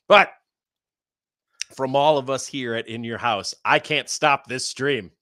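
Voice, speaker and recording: Bright, upbeat man plugging his shows. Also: mid-range voice, slow, no room sound, clean studio sound. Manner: upbeat, rambling plugs with laughs. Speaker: podcast co-host and wrestler. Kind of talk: casual livestream chat.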